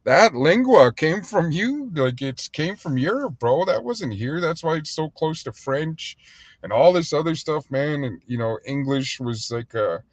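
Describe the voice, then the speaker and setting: A man's voice: on the high side, very animated, unhurried, no echo. A man hosting a casual livestream, talking in a loose, rambling and heated way, full of fillers. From United States. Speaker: livestream host and restaurant owner.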